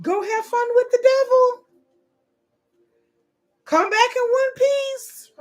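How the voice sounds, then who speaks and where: A woman's voice: very high-pitched, takes it slowly, voice pushed up. A woman doing a squealing, sassy friend. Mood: mocking. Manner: squealing, mocking, dramatic. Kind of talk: comic impression during live watch.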